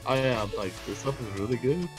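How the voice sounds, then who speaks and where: A man's voice: mid-range voice, fairly quick, faint music behind, poor audio. A man chatting casually on a stream, chuckling between remarks. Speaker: stream participant. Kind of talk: casual chat.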